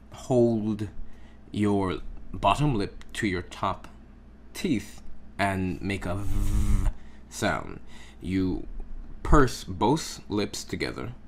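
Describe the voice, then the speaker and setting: A man teaching a casual lesson, patient and unhurried, who keeps checking in with "okay?" while he writes out examples. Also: on the low side, a little hiss or hum. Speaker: Hebrew language teacher.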